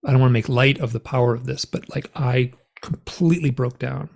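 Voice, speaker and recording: A man recounting a personal story as a guest in a conversation. His voice is gravelly and husky with a dark tone. He acts out the remembered dialogue and leaps high in pitch for the voices he quotes. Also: a little fast. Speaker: interview guest.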